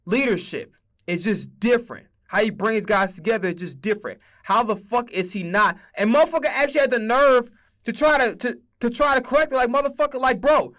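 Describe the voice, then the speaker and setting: Young male streamer, high-pitched and emphatic, profane casual football rant. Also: lively intonation, a little fast, fairly bright tone.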